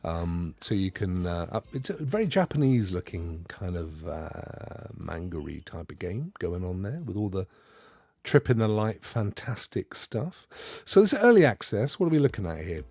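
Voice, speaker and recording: With a measured pace and a dry recording, this podcast co-host from the UK keeps things loose and jokey on a laid-back gaming show. His pitch bounces about energetically as he rambles on.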